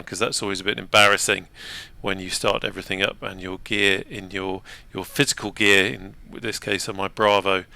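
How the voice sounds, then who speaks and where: A man's voice: on the low side, creaky, bright, forceful tone, clean tone, dry recording. A man hosting a flight simulator video, narrating casually and chatting while he works the controls, with self-deprecating asides. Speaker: flight sim video host.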